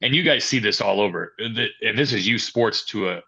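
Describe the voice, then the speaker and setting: A man's voice: lowish voice, a little fast, slightly rough. A man being interviewed as a youth and amateur hockey coordinator, talking through his answers and acting out quoted exchanges as he tells stories. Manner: storytelling, quoting others in animated asides. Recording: dull lo-fi sound.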